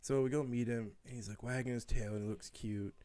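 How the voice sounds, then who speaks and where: A man co-hosting a casual podcast, telling an animated story, acting out quotes and laughing often. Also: medium pitch, fairly quick, no room sound. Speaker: podcast co-host. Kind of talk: casual chat.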